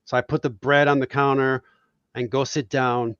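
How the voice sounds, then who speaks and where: A man's voice: mid-range voice, fairly even intonation, moderate pace, a bit bright, smooth, no room sound, highs cut off. A man from Puerto Rico, a guest cartoonist, telling reflective, heartfelt stories in a casual podcast chat.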